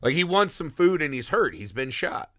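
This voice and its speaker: A man co-hosting a casual podcast chat, animated and swearing freely as he acts out scenes. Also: a little high, normal speed, dry recording, studio quality. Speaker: podcast co-host.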